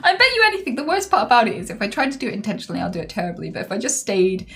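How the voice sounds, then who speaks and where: A woman's voice: medium pitch, expressive, very fast, vocal fry, faint music behind. A woman streamer chatting casually and playfully on a live stream, laughing often.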